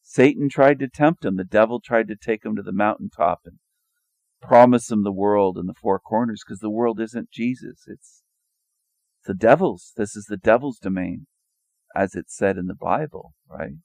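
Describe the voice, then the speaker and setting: Gravelly low-voiced man, sarcastic questioning. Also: normal speed, a little mellow, dry recording. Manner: rhetorical questioning, mocking, repetitive. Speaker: video commentator. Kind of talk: sarcastic monologue over images.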